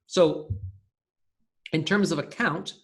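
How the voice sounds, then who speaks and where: A man's voice: on the high side, extremely slow, pushed and bright. A man teaching a recorded programming class, talking casually and thinking aloud with fillers and restarts. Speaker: lecturer. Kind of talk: recorded coding lecture.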